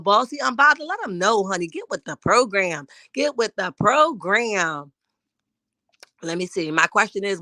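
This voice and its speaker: A woman's voice: medium pitch, fairly bright tone, dry recording. Sassy woman livestreamer, dry sound. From Camden, New Jersey area. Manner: sassy, calls everyone honey; chatty, greets viewers by name. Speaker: livestream host reading chat. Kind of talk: casual livestream commentary.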